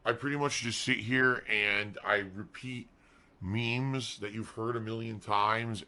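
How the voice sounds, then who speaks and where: A man's voice: on the low side, bright, forceful tone. A male game streamer ranting sarcastically and defensively to his chat on a live stream.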